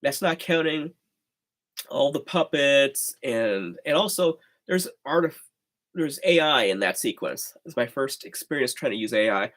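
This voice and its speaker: Casting: male livestream host, mid pitch, loose rambling chat, frequent sighs and chuckles. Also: animated, unhurried, fairly bright tone. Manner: rambling, chatty, with sighs and laughs.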